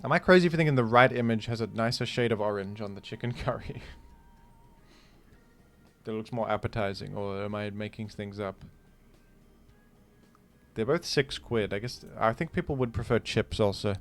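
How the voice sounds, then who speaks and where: A man's voice: fairly low pitch, normal speed, pauses often, a bit bright, soft background music. Man rambling through joking commentary. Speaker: gaming video host. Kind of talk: casual commentary while playing.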